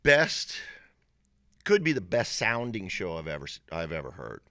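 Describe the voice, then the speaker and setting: A middle-aged man, a musician telling an animated story as an interview guest, laughing often and acting out the voices of people in it. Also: sits low, moderate pace, no room sound, studio quality. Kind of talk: casual storytelling.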